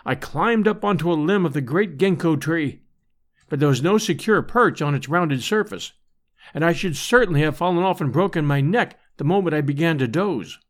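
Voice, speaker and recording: A man narrating an adventure audiobook in measured, expressive storytelling. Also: fairly high pitch. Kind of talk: scripted narration.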